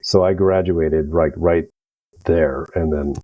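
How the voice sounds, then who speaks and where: A man's voice: a bass voice, steady tone, takes it slowly, no room sound, phone-quality sound. A middle-aged American man, a veteran guest on a podcast, telling rambling stories with profanity and acted-out dialogue. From United States. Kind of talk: casual storytelling.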